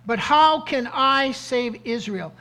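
A preacher acting out the biblical Gideon as a timid, doubtful man who pleads in a raised, high voice. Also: expressive, slow, heavily acted. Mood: flustered. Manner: flustered, pleading, high and loud. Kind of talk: acted scripture quote in a sermon.

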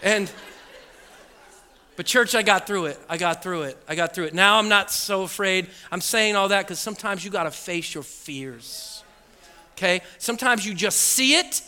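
Male pastor, storytelling sermon, high and sharp voice, reverberant church hall. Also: moderate pace. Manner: animated storytelling, acts out voices and beeps, laughs often. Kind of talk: sermon with a comic personal story. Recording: echoey hall with long reverb.

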